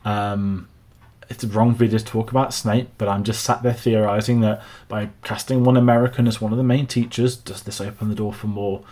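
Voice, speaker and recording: A man's voice: lowish voice, flat delivery, brisk, warm tone. Man rambling through film commentary. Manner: rambling, thinks aloud with restarts. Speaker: film news host. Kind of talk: casual commentary to camera.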